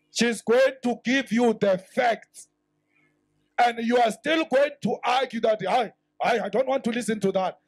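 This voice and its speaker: A South African politician giving an impassioned rally speech, rising to shouts and mixing in Sotho phrases. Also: male voice, extremely high pitch, no room sound, low-quality recording.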